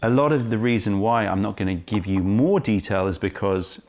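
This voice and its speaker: A man presenting a casual tea-tasting vlog, highly caffeinated, chatty and full of self-interrupting asides, filmed on a camera right in front of his face. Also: normal speed, a little mellow. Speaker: tea shop owner and presenter.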